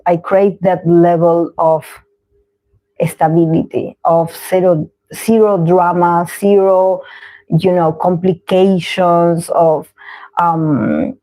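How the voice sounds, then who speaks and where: Frank, low-voiced woman musing aloud. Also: dark tone, no echo, rough recording. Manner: frank, reflective, searching for words. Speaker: tarot reader host. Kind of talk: casual livestream monologue.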